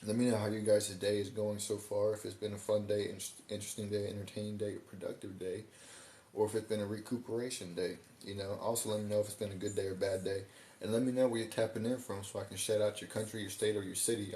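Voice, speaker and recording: A man's voice: fairly low pitch, level tone, quick pace, dark tone. A man hosting a casual livestream, talking in a laid-back, slangy way and stumbling over his words now and then. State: hiccups. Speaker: livestream host. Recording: roomy echo, faint background noise.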